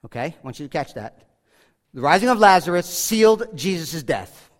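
Guy preaching a sermon, kinda high voice, chatty with jokes, echo of a big hall. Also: big pitch swings, normal speed. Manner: conversational preaching with asides and humor. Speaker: pastor. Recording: hall reverb.

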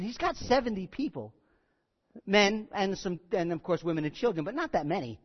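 A man preaching a sermon as pastor, emphatic and repetitive, putting questions to his listeners and moving between hushed and loud delivery. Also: sits high, lively intonation, a little fast, lo-fi sound. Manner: conversational, asks the congregation questions.

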